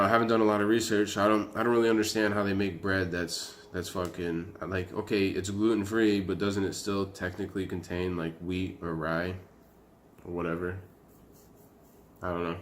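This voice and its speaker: Deep-voiced young man ranting bluntly. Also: flat delivery, a little fast, a little hiss or hum. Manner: blunt, profane, rambling, frequent "like" and "man". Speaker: vlogger. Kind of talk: casual rant to camera.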